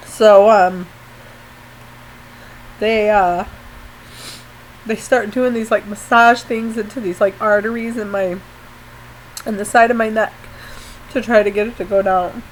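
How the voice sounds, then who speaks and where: A woman telling an emotional personal story after surgery, halting and apologetic, often near tears. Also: medium pitch, fairly even intonation, a little hiss or hum, low-quality recording. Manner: tearful, apologetic, halting with fillers. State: post-surgery, pained when coughing. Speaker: vlogger.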